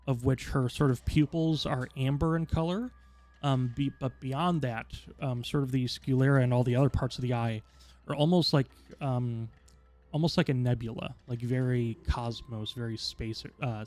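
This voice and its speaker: A man runs a tabletop game session, describing the scenery at length. His delivery is rambling and filler-heavy, and his voice sits at a mid pitch. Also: a little mellow. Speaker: game master.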